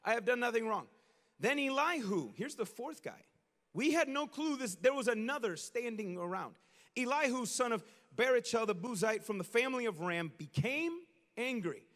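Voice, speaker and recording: A male pastor delivers a sermon like a story told to friends, casual and slangy, acting out the people he talks about. His voice sits high for a man, and a long reverb trails after each phrase, as in a large church. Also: normal speed. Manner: animated, conversational, slangy storytelling.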